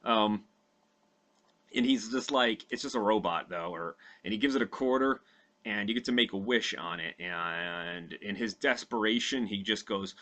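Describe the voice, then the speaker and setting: A man's voice: lowish voice, moderate pace, sharp tone. A young man casually retelling a movie plot from memory, rambling and profane with lots of fillers. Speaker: podcast host recounting a movie from memory.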